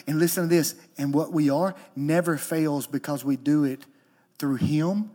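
A lead pastor, male, delivers his sermon at a moderate pace, full of emotion and energy. He shifts from hushed, low speech to high, loud proclamation.

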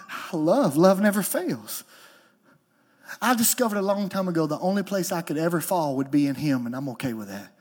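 High-voiced, emotional male pastor preaching. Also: breathy edge. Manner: emotional and animated, swinging from soft and low to high and loud. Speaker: lead pastor. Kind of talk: sermon.

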